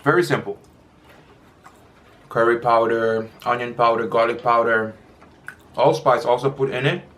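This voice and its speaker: A man's voice: medium pitch, steady tone, unhurried, fairly bright tone. A man chatting casually while he eats in a mukbang video, rambling and stopping to chew between sentences. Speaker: mukbang vlogger. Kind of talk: casual chat while eating.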